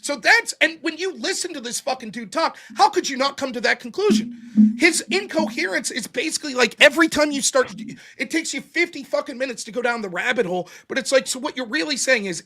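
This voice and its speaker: A man's voice: extremely high pitch, animated, fairly quick, bright, forceful tone. A man casually recapping a debate he took part in, talking bluntly and swearing often. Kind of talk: casual post-debate chat.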